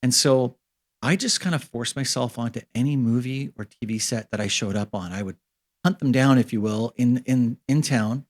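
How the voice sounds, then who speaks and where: A man in his fifties from Canada, a guest in an interview, telling stories from his career casually and acting out the dialogue with lively jumps in pitch. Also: moderate pace. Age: 50s. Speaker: interview guest, special effects supervisor.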